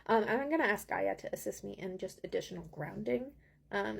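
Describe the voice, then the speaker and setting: A woman with a soft, breathy voice pitched in the ordinary middle range delivers a channeled tarot reading. She talks earnestly and gently, drifting along with frequent ums as she addresses her listener. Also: brisk. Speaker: spiritual mentor.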